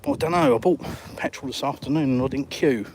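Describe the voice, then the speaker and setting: A man's voice: mid-range voice, fairly even intonation, fast, a little mellow, a little hiss or hum. A man from England with a southern English accent, chatting bluntly and with dry humor while live streaming outdoors and answering viewers. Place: outdoors by the coast.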